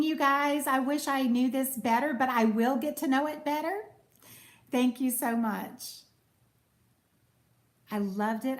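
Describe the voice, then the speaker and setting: A woman, chatting casually on a live stream and thanking viewers as she reads their comments. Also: sits high. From United States. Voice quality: soothing voice. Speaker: cooking channel host. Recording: echoey room.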